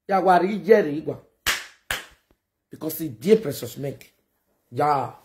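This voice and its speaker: A woman with a Nigerian Pidgin accent runs a gossip reaction show and talks straight at her viewers. Her voice swings widely in pitch, and she moves between mocking asides and loud, scolding outbursts. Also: animated, a little slow, long pauses. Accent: Nigerian Pidgin English. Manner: scolding, mocking, with sudden shouts. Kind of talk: animated reaction commentary.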